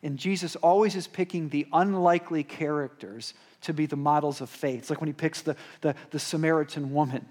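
A male pastor preaching a sermon in a conversational way, tossing in "right?" and "okay?", swinging between emphatic rises and quiet, slowed drops. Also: a little high, steady tone. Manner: conversational preaching with rhetorical asides and repeated "right?".

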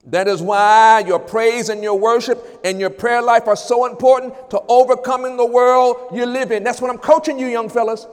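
A man preaching a sermon as pastor at an evening church service, rising into shouted praise and call-outs. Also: very high voice, steady tone, moderate pace, hardly any pauses, clear, resonant tone, big-room sound.

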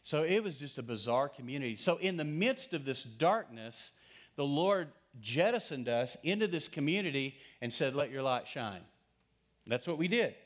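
A middle-aged man preaching a sermon as pastor, telling stories with dramatic swings between loud passages and hushed asides. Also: fairly high pitch, animated, normal speed. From Texas.

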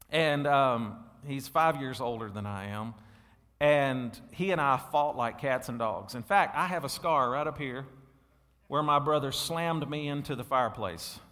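A man, preaching a sermon to his congregation and calling out to them, swinging between loud and soft. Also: medium pitch. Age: 40s. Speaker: pastor. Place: church sanctuary. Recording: long hall reverb.

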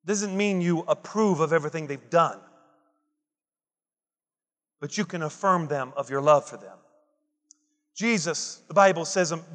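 A man's voice: fairly high pitch, a little slow, pauses often, a bit bright, long reverb tail. A man preaching a Father's Day sermon, emphatic and repetitive, building intensity as he quotes scripture. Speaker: pastor.

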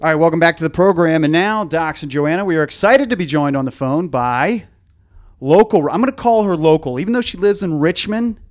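Slightly high-voiced male podcast host. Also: animated, brisk. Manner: hesitant, many fillers and restarts. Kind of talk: casual podcast chat.

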